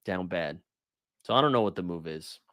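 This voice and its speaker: Animated guy riffing on basketball, swingy pitch, dry close sound, laughs a lot. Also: very fast, no echo. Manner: animated, laughs often, jokey asides. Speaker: podcast co-host. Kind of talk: casual sports chat.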